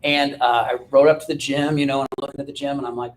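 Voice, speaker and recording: A man coaching an audience through a joking, self-mocking personal story, told with lively energy. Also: quick pace. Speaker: business coach and speaker. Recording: roomy and distant with faint rumble.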